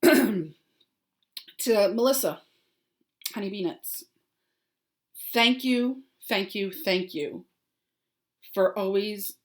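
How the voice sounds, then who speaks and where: A woman hosting her crafting podcast in casual chat, heartfelt and rambling with many ums and restarts, turning bubbly and upbeat for announcements. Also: fairly low pitch. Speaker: podcast host.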